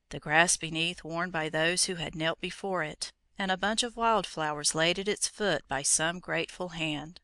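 Measured storybook reader, crisp bright tone, close dry recording. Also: medium pitch, no room sound. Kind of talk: storybook narration.

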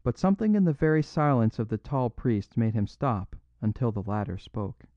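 A man narrating a classic story in a measured, even storytelling voice, in a dry, dull recording. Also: medium pitch, no echo. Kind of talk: audiobook narration.

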